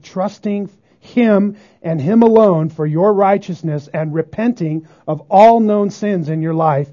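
A pastor preaching a sermon emphatically, often asking the congregation whether they agree. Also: male voice, sits high, dark tone. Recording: dull lo-fi sermon recording.

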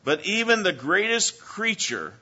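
Bright-toned preacher man, lo-fi. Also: high voice, very animated, husky. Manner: emphatic preaching with dramatic pauses, slows for emphasis. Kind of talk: sermon. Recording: dull lo-fi sound.

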